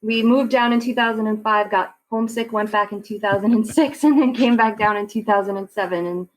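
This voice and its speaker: A woman's voice: mid-range voice, brisk, slight background noise, poor audio. A woman in her forties from Long Island, chatting as a podcast guest with easy laughs and many fillers. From Long Island, New York. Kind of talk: casual interview chat.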